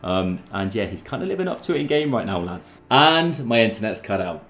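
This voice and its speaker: A young man giving excitable, chatty commentary over his own football video game match, talking straight to his viewers. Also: fairly low pitch, a little fast, hardly any pauses, echoey room. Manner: excitable, chatty, keeps addressing the lads. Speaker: gaming YouTuber. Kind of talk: live gameplay commentary.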